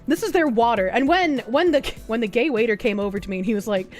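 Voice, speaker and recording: Casual cursing woman streamer. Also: quick pace. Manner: rambling, swears freely, reads chat aloud; squeals high when laughing. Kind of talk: casual live-stream chat. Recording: faint music behind.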